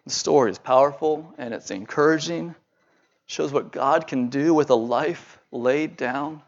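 A man's voice: a little high, measured pace, highs cut off. A man preaching, telling a sermon story earnestly and stumbling over repeated words when he speaks freely.

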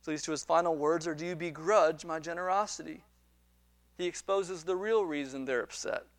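High-voiced man preaching a sermon. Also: normal speed, no echo. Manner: animated storytelling with repeated words and quoted dialogue. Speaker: pastor.

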